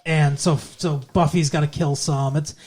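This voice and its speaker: Rambling, loose-talking man, a bit high. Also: fairly even intonation, measured pace, a little mellow. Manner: rambling and loose, heavy swearing and fillers. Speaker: podcast co-host. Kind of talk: casual chat recapping a TV episode.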